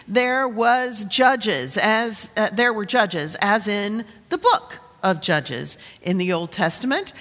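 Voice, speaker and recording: A woman pastor introducing and reading an Old Testament lesson in a relaxed, conversational sermon, with fillers and restarts. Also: on the high side. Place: church sanctuary. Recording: long reverb of a church sanctuary.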